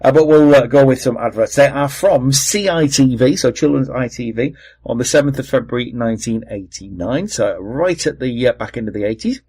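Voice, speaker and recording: A man's voice: mid-range voice, brisk, a little mellow, breathy edge, poor audio. A man with a Welsh accent hosting a podcast, chatting casually with lots of fillers and asides. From Wales. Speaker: podcast host. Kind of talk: casual chat.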